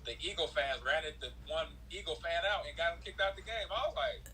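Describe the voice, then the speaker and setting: A man's voice: on the high side, fast, a little hiss or hum, low-quality recording. A man in his forties, a former football player, telling stories in casual chat and acting out quotes in a raised voice. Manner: animated storyteller, acts out quotes in a raised voice.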